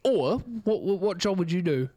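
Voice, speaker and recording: A man's voice: high-pitched, lively intonation, moderate pace, dark tone. A male radio host in a studio, bantering casually and jokily with his co-host and a guest, laughing easily. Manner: jokey, upbeat, laughs easily. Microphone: studio mic with headphones.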